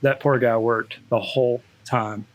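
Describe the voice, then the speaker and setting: A man's voice: mid-range voice, steady tone, a little slow. Chatty Texan man rambling about networks. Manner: rambling, many restarts and fillers. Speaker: school district network specialist. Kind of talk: casual chat.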